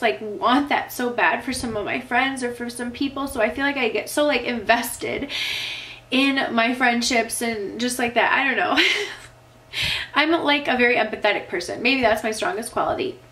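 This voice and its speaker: A woman's voice: a little high, moderate pace, fairly bright tone, rough recording. Young woman vlogger, casual Q&A, emotional and teary, rambling with lots of "like". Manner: emotional, tearing up, filler-heavy. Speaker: vlogger answering viewer questions. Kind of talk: casual chat.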